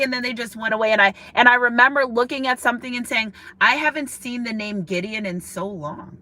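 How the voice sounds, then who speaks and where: Bright-voiced, emotional woman tarot reader. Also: a little high, a little fast, hardly any pauses, no echo. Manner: emotional and passionate, addresses viewers directly; repeats words, asks "okay?". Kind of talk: spiritual tarot reading to viewers.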